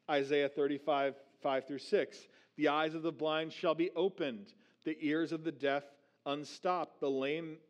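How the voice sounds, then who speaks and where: Animated male pastor preaching a sermon. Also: fairly high pitch, dull audio. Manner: slows down for scripture readings, animated when acting out questions.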